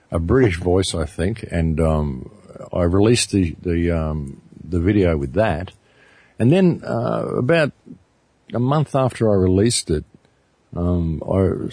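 A man in his fifties with an Australian accent, talking earnestly as an interview guest, often pausing and repeating words as he thinks. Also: sits low, a little mellow, breathy edge, no echo. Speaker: interview guest, documentary maker. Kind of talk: reflective interview talk.

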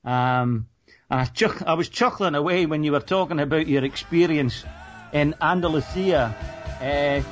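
A man's voice: fairly high pitch, moderate pace, soft background music. A Scottish man in his sixties calling in to a radio talk show, telling stories in an amused, self-deprecating way. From Scotland. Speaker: caller. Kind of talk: casual storytelling on a radio call-in.

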